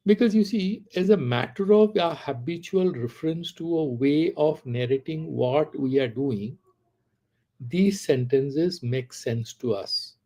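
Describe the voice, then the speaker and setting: A man's voice: a little high, dark tone. A man teaching a philosophy class, reciting Sanskrit verses and asking rhetorical questions. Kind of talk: class lecture.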